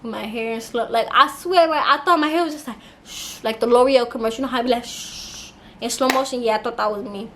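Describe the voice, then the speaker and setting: A young woman with a slightly high voice tells a storytime straight to camera. Her delivery is loose and animated, full of slang and casual swearing. A faint hiss of room noise sits under her voice. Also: fast talker, few pauses. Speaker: YouTuber.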